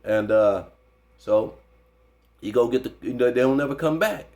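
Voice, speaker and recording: A mid-range male voice at a moderate pace belongs to an interview guest telling a story. He talks casually with slang and profanity, often throwing in "you know what I'm saying," and gets animated over the fight.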